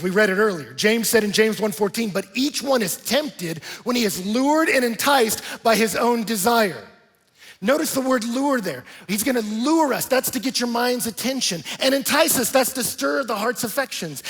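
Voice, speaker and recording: A man preaching a sermon to a congregation, animated and conversational, with playful asides. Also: high voice, husky, long reverb tail. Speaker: pastor. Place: large church auditorium.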